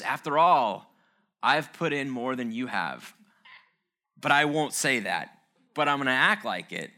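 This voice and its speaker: A man's voice: fairly high pitch, sharp tone. A man giving an informal talk on relationships, earnest and conversational, with self-mocking asides. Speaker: speaker on relationships.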